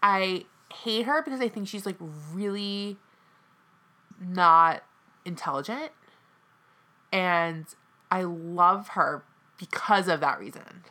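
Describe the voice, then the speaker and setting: A woman's voice: on the low side, slow pace, pauses often, sharp tone. A young woman from the American South, chatting opinionatedly about a reality show and mimicking people dramatically. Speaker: co-host. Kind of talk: casual reality-TV recap chat.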